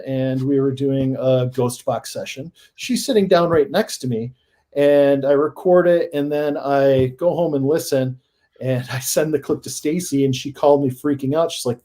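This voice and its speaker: A man guest on a paranormal podcast, telling his stories in a casual, animated way that rises into excited emphasis. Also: fairly high pitch, moderate pace. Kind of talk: casual storytelling in a podcast interview.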